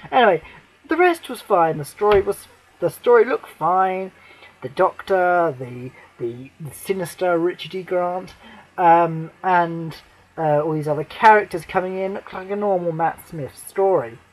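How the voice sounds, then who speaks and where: A man ranting to camera as a fan, swearing a lot, rambling with many fillers, and breaking into shouted outbursts. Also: high voice, rough recording. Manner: shouts and near-cries in outbursts. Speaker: vlogger.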